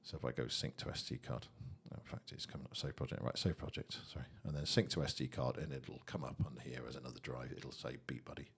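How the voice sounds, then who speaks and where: A man casually walking through a software tutorial, chatty and thinking aloud. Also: rumbling low, fairly even intonation, quick pace, gravelly, few pauses, breathy edge. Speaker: tutorial host.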